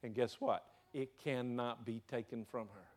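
A man's voice: mid-range voice, steady tone, a little slow, a little mellow. A man with a Southern US accent preaching a sermon, throwing rhetorical questions to his congregation. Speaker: pastor.

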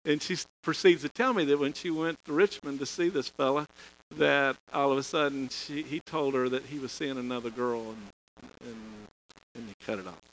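A man's voice: mid-range voice, fairly even intonation, moderate pace, slight background noise, low-quality recording. A middle-aged man preaching a storytelling sermon in a folksy way, chuckling and restarting phrases. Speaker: pastor.

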